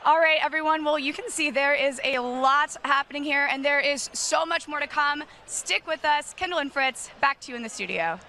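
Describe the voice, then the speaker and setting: A woman's voice: high-pitched, moderate pace, hardly any pauses, sharp tone, slight background noise. A woman working as a roving floor reporter, interviewing attendees with upbeat enthusiasm. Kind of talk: live event interviewing.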